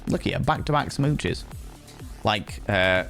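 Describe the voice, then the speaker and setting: A low-voiced British man hosts a casual livestream, telling stories with animated swings and plenty of swearing. He greets his chat playfully between tales, with faint music underneath. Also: unhurried, creaky. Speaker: livestream host.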